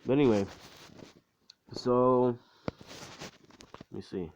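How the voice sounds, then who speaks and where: A man's voice: mid-range voice, takes it slowly, a little mellow, dull audio, slight background noise. A man casually retelling his own fan story in a loose, rambling way, full of slang and swearing. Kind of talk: casual spoken story recap.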